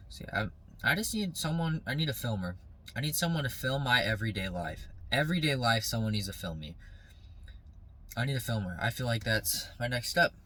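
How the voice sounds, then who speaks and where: A man's voice: medium pitch, a bit bright, poor audio. A young man talking casually and motivationally to his phone camera outdoors, rambling at times and then turning heated and preachy. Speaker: vlogger.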